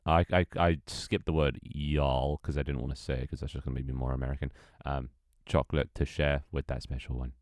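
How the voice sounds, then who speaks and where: A man's voice: extremely low pitch, level tone, a little fast, hardly any pauses, darkish tone, no echo, studio quality. A young British man with a British accent, chatting casually on a live stream, reading chat and joking with some swearing. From Britain. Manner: chatty, reads chat aloud, swears, laughs often.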